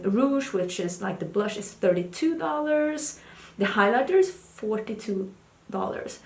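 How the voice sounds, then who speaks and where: A woman's voice: a little mellow, roomy sound. A woman beauty vlogger talking casually and candidly about new makeup releases. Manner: chatty, candid, talks to her cat in a high baby voice. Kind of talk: casual chat.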